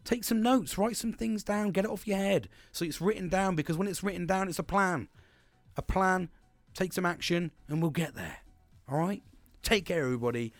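A man's voice: high voice, moderate pace, no room sound, soft background music. A man in his thirties hosting a solo motivational podcast, talking energetically, rambling and swearing often. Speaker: podcast host.

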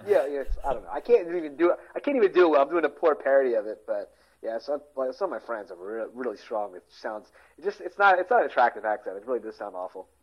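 A man's voice: mid-range voice, big pitch swings, quick pace. Rambling man on a lo-fi line. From Philadelphia area, USA. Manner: rambling, hesitant, full of restarts. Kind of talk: casual chat. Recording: dull lo-fi sound.

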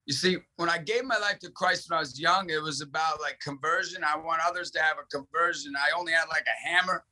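A man's voice: sits high, bright, forceful tone, low-quality recording. A man, a ministry director and guest, talking with fervent, preacher-like emphasis in punchy, repeated phrases. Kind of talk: fervent preaching-style talk.

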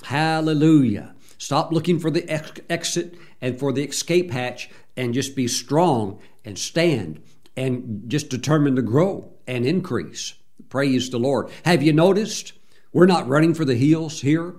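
A man's voice: medium pitch, a little slow, darkish tone. Exhorting male preacher, conversational. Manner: earnest exhortation with frequent praise interjections; conversational asides and restarts. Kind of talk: sermon.

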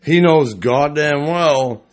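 A man's voice: a little high, slow pace. A man co-hosting a podcast, telling a story in casual chat, rambling, repeating words and swearing. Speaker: podcast co-host.

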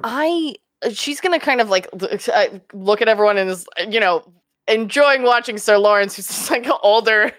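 A woman's voice: medium pitch, normal speed, fairly bright tone, no room sound, studio quality. A young woman playing a tabletop game, talking hesitantly with many fillers. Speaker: player. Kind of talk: casual role-play chat.

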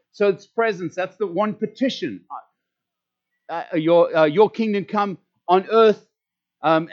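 South African male pastor, emphatic preacher who repeats words, muffled lo-fi recording. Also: sits high. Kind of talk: sermon. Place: church service. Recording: dull lo-fi recording.

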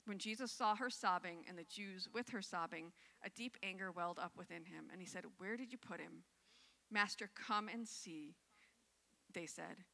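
Bright-voiced woman preaching in a hall. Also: fairly low pitch, normal speed, vocal fry. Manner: reads scripture then reflects conversationally. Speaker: pastor. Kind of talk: sermon.

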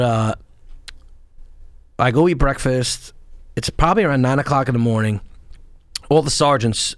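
New guy in his 40s telling war stories, swears a lot, gets loud acting out quotes, dry mic. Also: mid-range voice, dry recording. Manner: animated, profane storytelling with quoted voices. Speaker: podcast guest, former Marine and police sergeant. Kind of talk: casual storytelling interview.

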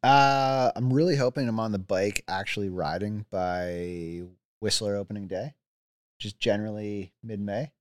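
A man's voice: on the low side, moderate pace, dry recording. A man in his thirties, a mountain biker guest telling his injury stories in a laid-back chat, with many likes and restarts. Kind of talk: casual chat.

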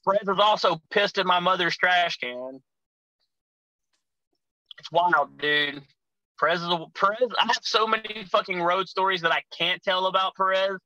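A man's voice: high-pitched, normal speed, sharp tone, no echo, poor audio. A man telling rowdy, profane road stories as a guest on a casual podcast. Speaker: guest, pro wrestler.

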